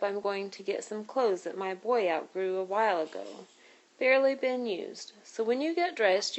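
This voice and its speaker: A woman's voice: medium pitch, lightly acted, poor audio. A woman voicing a caring, scolding grown woman in a read-aloud storybook. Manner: fussing and motherly.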